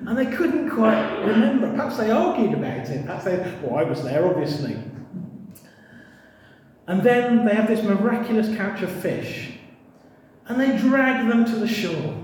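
A man preaching a sermon in a church, animated and humorous, acting out little voices as he tells the story. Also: high-pitched, normal speed, long pauses, slight background noise. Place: church hall. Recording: distant mic in echoey hall.

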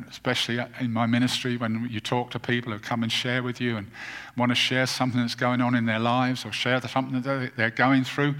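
A man preaching a sermon as a pastor, earnest and deliberate, leaning on repetition for emphasis. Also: mid-range voice, fairly bright tone. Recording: long reverb of a large hall.

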